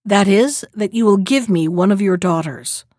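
A woman's voice: medium pitch, normal speed, darkish tone, no echo, studio quality, close to an everyday voice. A woman reading a stern, angry male beast. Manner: stern and grim. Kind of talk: storybook reading.

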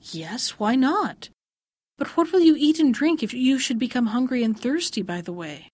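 A woman's voice: sits high, animated, normal speed, a little mellow, no room sound, studio quality. A woman doing sly bloodthirsty foxes. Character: two greedy, bloodthirsty foxes.

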